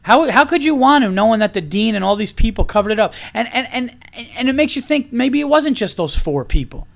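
A man in his thirties with a high voice delivers a furious, profane podcast rant. He hammers his points over and over with emphatic, heated repetition. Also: animated, fairly quick, gravelly. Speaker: podcast host. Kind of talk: angry opinion rant.

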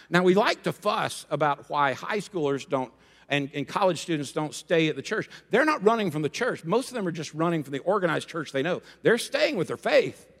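A man preaching a sermon as pastor, lively and joking, calling for responses from the congregation. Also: a little high. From Rhode Island and Florida. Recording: long hall reverb.

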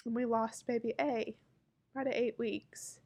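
Woman vlogger in her thirties, higher register, emotional confessional delivery, heartfelt with frequent pauses. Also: level tone, a little mellow, slightly rough. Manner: halting, heartfelt, many pauses and fillers. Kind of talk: personal story told to camera.

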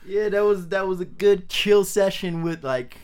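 A man's voice: high voice, normal speed, clean tone. A young man, a comedian guest on a podcast, telling family stories in casual chat, laughing often and acting out the people he quotes.

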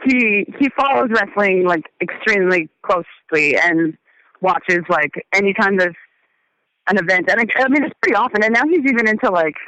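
A woman's voice: mid-range voice, animated, normal speed, pushed and bright, no room sound, lo-fi sound. A woman musician chatting as an interview guest, meandering and hesitant, often trailing off mid-thought. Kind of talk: casual interview chat.

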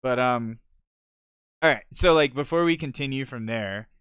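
A man's voice: mid-range voice, normal speed, fairly bright tone, clear, resonant tone, no room sound, studio quality. A man in a casual chat among friends, laid-back and profane, saying "dude" a lot.

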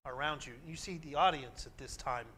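A man delivering a sermon from the pulpit, his voice high for a man and ringing bright. He preaches earnestly and with emphasis, leaning hard into the scripture he reads aloud. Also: brisk, husky. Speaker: pastor.

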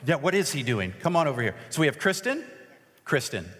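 Casual pastor in a reverberant hall. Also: male voice, on the high side, very animated, brisk, a bit bright. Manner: casual, self-deprecating, joking with volunteers. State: voice cracking. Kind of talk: sermon with a live object lesson. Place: large hall with an audience.

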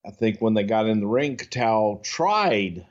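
A man's voice: on the low side, lively intonation, measured pace, muffled recording. A man telling a blunt story in an archival interview clip.

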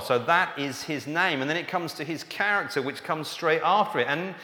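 A man's voice: on the high side, moderate pace, few pauses, sharp tone. A man preaching a sermon in a conversational, emphatic way. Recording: echoey hall, room reverb.

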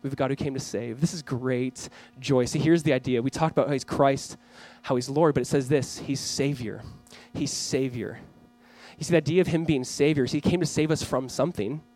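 A man's voice: mid-range voice, steady tone, a little fast, darkish tone, faint music behind. A man preaching a sermon as pastor, talking in a conversational way that swells into fervent emphasis.

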